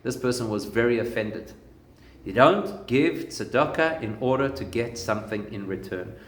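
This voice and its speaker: A rabbi gives a relaxed, conversational Torah lesson and works humorous stories into it. His voice sits at an ordinary pitch for a man. The recording has a noticeably roomy echo. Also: moderate pace. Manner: conversational teaching with humorous anecdotes.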